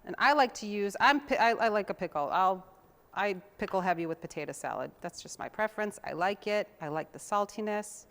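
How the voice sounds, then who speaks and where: A woman's voice: medium pitch, a little fast, fairly bright tone. Chatty woman hosting a home cooking show. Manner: chatty and homey, talks to viewers while chopping. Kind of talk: casual cooking demonstration.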